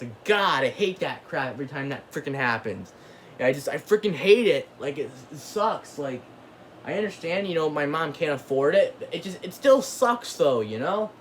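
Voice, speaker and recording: There is a little hiss or hum as a man on his own channel rants casually, rambling with lots of filler words and light cursing. His voice is a little high, with lively intonation and a moderate pace.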